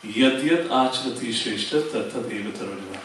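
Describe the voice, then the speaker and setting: A man's voice: mid-range voice, fairly quick, fairly bright tone, slight background noise. A man presenting a religious seminar, explaining step by step, quoting scripture and using fillers. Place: temple seminar hall. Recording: very echoey hall, distant mic.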